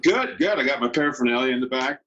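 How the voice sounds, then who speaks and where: Bright-voiced, wry male guest. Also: mid-range voice, expressive, quick pace, dull audio. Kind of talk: casual video-call chat.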